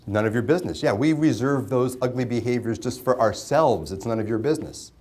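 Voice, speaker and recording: A man's voice: medium pitch, brisk, a little mellow, slight background noise. A man teaching a mediation class, who asks the room questions and repeats their answers back. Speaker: mediation instructor. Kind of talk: interactive classroom lecture.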